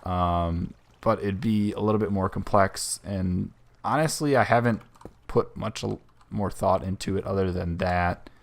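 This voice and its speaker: A young man with a very low voice chats while playing a video game, answering questions as they come. He rambles and corrects himself midway through sentences in a relaxed, unhurried manner. Keyboard typing can be heard behind him. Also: gravelly. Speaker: host. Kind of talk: casual gaming commentary.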